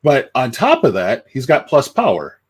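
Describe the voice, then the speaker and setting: A man on a casual sports podcast, relaxed and rambling as he analyzes players. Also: mid-range voice, moderate pace, husky. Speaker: podcast co-host. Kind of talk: casual chat.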